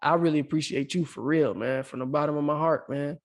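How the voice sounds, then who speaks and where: A man's voice: a little high, brisk. A man co-hosting a podcast, talking earnestly and emotionally in casual slang, calling the listener "bro" again and again. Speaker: podcast co-host. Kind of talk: heartfelt casual podcast talk.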